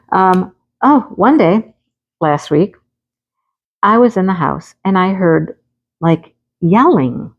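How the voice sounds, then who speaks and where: A woman craft vlogger at her rural home, telling a lively anecdote in a casual chat, often laughing. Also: on the low side, slow pace, long pauses, muffled recording.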